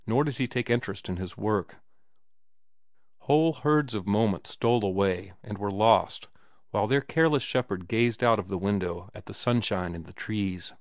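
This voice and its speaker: Guy reading an audiobook, lowish voice, steady phrasing, dry close sound. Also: dry recording. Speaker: audiobook narrator. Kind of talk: scripted narration.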